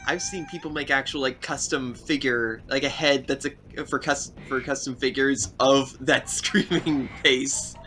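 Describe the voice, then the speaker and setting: Bright-voiced animated streamer guy. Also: medium pitch, measured pace, few pauses, slight background noise. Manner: animated storytelling, laughs often. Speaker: co-host of a game stream. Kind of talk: casual chat.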